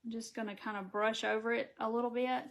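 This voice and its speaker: A woman from the American South with a Southern accent, talking through a craft project on a live stream. Her voice sits a little high, and she keeps up a friendly stream of chat, reading viewer comments aloud as she goes. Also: little pitch movement, fast, vocal fry, muffled recording. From Southern United States. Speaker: craft tutorial host.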